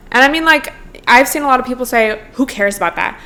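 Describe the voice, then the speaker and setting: A woman's voice: fairly high pitch, fast talker, a bit bright. Chatty, cussing young woman podcaster. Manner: chatty, swears a lot, heavy use of "like"; laughs between points. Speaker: podcast host. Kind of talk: casual solo podcast chat.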